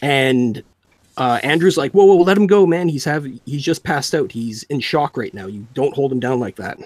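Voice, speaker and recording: A man telling an animated story from his job at a tattoo shop, raising his voice to act out the people in it. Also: mid-range voice, normal speed, dry recording. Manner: animated, acts out quoted people in a raised voice. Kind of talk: casual storytelling on a livestream.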